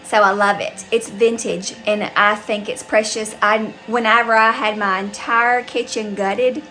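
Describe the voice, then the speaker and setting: A middle-aged woman from the Southern US with a Southern accent, chatting to viewers as she tells a story in her vlog, animated and talkative. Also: mid-range voice, measured pace, faint music behind, low-quality recording. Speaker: vlogger. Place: her house, indoors and out.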